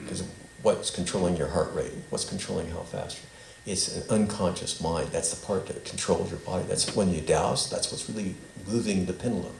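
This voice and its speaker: A man with a low, creaky voice teaches a small group at a spiritual center in a meandering fashion, guiding them through a call-and-response statement they repeat after him. His voice echoes around the meeting hall, with faint noise underneath.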